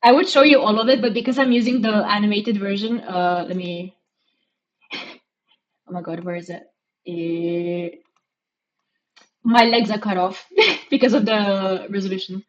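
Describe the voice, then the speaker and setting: A woman's voice: mid-range voice, dull audio. Giggly young woman, Romanian-British accent. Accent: mixed Romanian and British. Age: young adult. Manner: giggly, rambling, self-mocking. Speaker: streamer. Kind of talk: casual live-stream chat.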